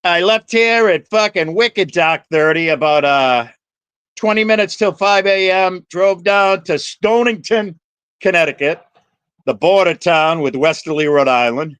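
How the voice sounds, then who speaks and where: A man's voice: high voice, a little slow, fairly bright tone, smooth, no echo. A man hosting a livestream, chatting with viewers by name in a rambling, profane, jokey way. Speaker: livestream host.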